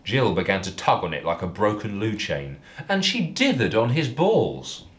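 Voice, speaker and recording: A male comedian reads a parody story aloud with deadpan, mock-earnest delivery. His voice sits low but moves a lot, rising and falling for comic effect. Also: normal speed.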